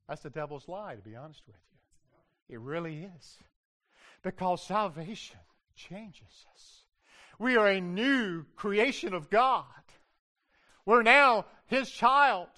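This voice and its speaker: An older man preaches a sermon from the pulpit. He is loud and emphatic and often turns to the congregation with questions. His voice sits high for a man and rings bright and forceful. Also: animated, slow pace. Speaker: pastor.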